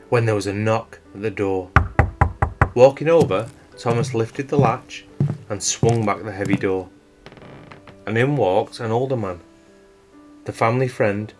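A man with a fairly low voice reads a true-crime story in a measured, suspenseful way. Soft guitar music plays quietly behind him. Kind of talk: scripted true-crime narration. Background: faint guitar music.

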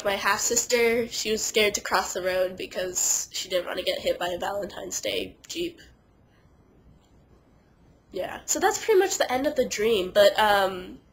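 Young woman, nasal, sick and stuffy, casual vlog, rambling, animated storytelling. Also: medium pitch, rough recording. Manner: chatty, animated, lots of "like", funny voices for quoted people. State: sick and congested. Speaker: vlogger.

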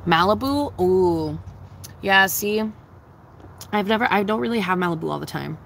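A young woman livestreaming and answering her chat, swearing freely and laughing a lot. Her voice swoops up and down all the time and has a bright, tense edge. She stays loose and chatty throughout. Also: medium pitch, lively intonation, moderate pace, creaky, a little hiss or hum, rough recording. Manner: profane, giggly, blunt and chatty.

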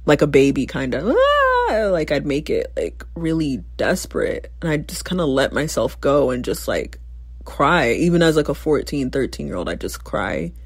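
A podcaster in their twenties talks through a personal story in a candid, reflective way, with sudden bursts of exclamation. The voice sits at a middle pitch and sounds close and dry, with no room echo. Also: darkish tone, slightly rough. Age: 20s. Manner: reflective, reenacts past conversations with sudden exclamations. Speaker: podcast host.

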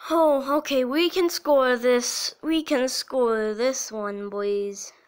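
Woman gamer, high and unhurried, excitable self-talk, casual play-by-play. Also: clear, resonant tone. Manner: excitable, talks to herself while playing, cheers at goals. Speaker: mobile game player. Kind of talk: casual gameplay commentary.

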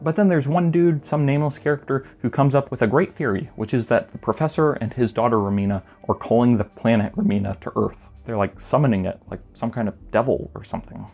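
A man's voice: mid-range voice, a little fast, gravelly, hardly any pauses, a little mellow. A man recapping a manga in a casual, joking way, full of rambling asides. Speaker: video essayist reviewing a manga.

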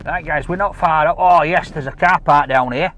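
A man hosting a casual food vlog, chatting excitably while walking outdoors through city streets. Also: a little high, moderate pace, very noisy. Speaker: food vlogger host.

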